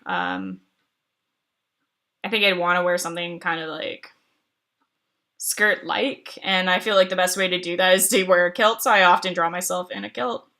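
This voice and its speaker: Bright-voiced woman rambling in casual chat. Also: fairly low pitch, creaky. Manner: rambling, many fillers and restarts, laughs often. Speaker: streamer answering chat.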